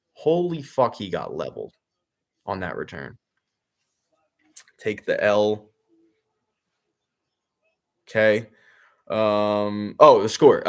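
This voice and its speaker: A man with a lowish, fairly bright voice hosts a watch-along, reacting to the game live. His commentary is sarcastic, exasperated and profane, rambling with fillers and restarts.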